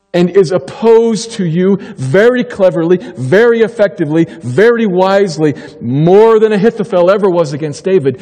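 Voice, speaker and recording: A man preaching a sermon as pastor, emphatic and slowing down to stress key phrases. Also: high voice, lively intonation, warm tone, in a large hall.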